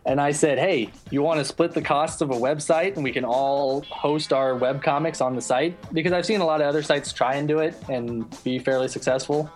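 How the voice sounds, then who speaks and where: A man's voice: a little high, steady tone, a little fast, hardly any pauses, faint music behind. A young man chatting casually on a podcast about his webcomic, rambling with restarts. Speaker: webcomic artist guest.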